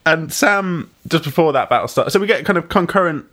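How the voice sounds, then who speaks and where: A man's voice: a little high, lively intonation, brisk, fairly bright tone, a little hiss or hum. A man co-hosting a casual chat, giving wry, dry commentary. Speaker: podcast co-host. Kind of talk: casual chat watching a film.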